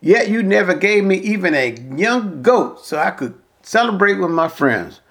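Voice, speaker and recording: Preacher reading as a sulky older brother, griping, voice a bit high. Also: male voice, expressive, moderate pace, fairly bright tone. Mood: bitter. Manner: complaining, bitter. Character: resentful older brother, young man.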